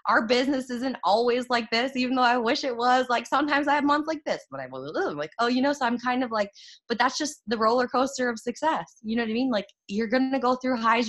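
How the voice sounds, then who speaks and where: A young woman giving an excitable, chatty motivational talk to her followers about her network marketing success, full of fillers and laughter. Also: on the high side.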